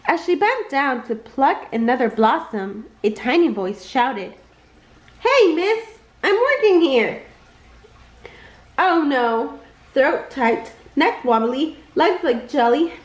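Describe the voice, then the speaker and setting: A woman reading a children's picture book aloud at bedtime, with an expressive delivery that leaps upward for the characters' lines. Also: sits high, slow, roomy sound, poor audio. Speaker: storybook reader.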